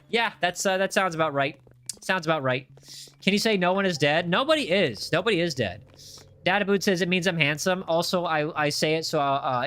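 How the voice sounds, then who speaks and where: A man's voice: a little high, bright, forceful tone. A man hosting a live gameplay stream, reading chat aloud and chatting in a playful, teasing way. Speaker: gaming livestream host.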